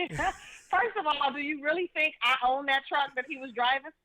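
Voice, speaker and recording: A woman's voice: high-pitched, moderate pace, bright, forceful tone. A woman calling in by phone to a talk show, indignant and emphatic, often laughing as she tells her side. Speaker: caller. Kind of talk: casual phone interview. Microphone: telephone. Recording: phone line.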